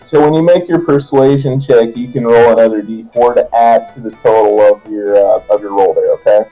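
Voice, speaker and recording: A man narrating as game master, laughing often and lively in his storytelling. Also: medium pitch, brisk, lo-fi sound, faint music behind.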